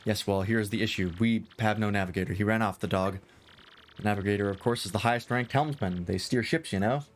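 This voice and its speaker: A man's voice: fairly low pitch, a little fast, a little hiss or hum, close to an everyday voice. Man doing a pompous rich adventurer. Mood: dramatic. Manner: grandiose, flowery and theatrical. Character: pompous wealthy male adventurer-merchant. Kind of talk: reading game dialogue aloud with voices.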